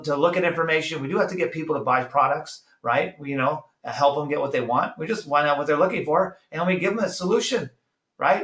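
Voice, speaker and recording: An energetic middle-aged man coaching a sales team, his voice sitting a little high for a man. He fires off rhetorical questions and acts out short quotes. The room around him rings with a roomy echo. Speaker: network marketing trainer. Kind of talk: motivational talk.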